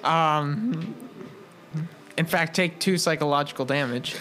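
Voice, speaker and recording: A young man in casual play, narrating a tabletop game as game master, animated and laughing often. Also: on the high side, slow.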